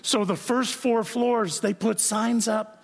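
In a church sanctuary, a pastor preaches a sermon in a conversational, storytelling style, with frequent asides checking in on the congregation. His voice sits high, steady, slow and creaky, with the long reverb of a large hall.

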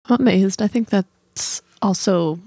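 A woman co-host speaks at a middle pitch and responds to her guest with affirming, appreciative remarks. Her voice sounds dry and close to the mic. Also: unhurried, warm tone, no echo. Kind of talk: interview conversation.

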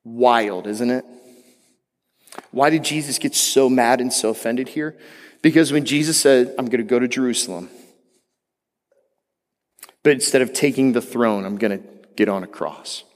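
A man's voice: mid-range voice, normal speed, long pauses. A man preaching a sermon in a conversational way, mixing jokes with emphatic, rising passages. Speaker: pastor. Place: church hall. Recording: long hall reverb.

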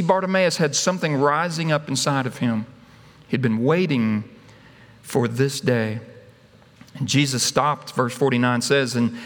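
A man's voice: on the high side, a bit bright. A man preaching a sermon, telling the story dramatically and acting out its voices. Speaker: pastor. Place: church sanctuary. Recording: long hall reverb.

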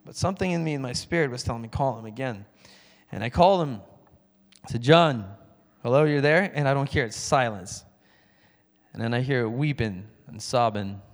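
A man of medium pitch speaks briskly, pausing often, with a long reverb tail trailing his words. He's giving a personal testimony in church as part of a sermon, raising his voice to act out phone calls.

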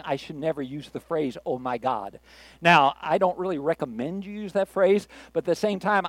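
High-voiced joking pastor. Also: male voice, dry recording. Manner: joking, self-mocking, conversational preaching. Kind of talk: sermon.

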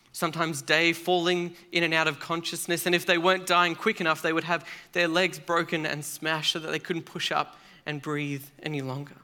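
A man preaching a sermon in an earnest, measured way with dramatic pauses. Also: on the high side, pushed and bright.

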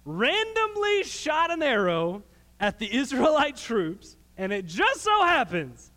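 A man preaching a sermon, retelling a story in an animated, folksy way. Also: very high-pitched, slow, in a large hall.

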